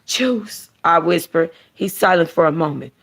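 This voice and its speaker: A woman hosting a book club, reading a novel aloud and then chatting casually in an animated, slangy way. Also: on the low side, moderate pace. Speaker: book club host and reader.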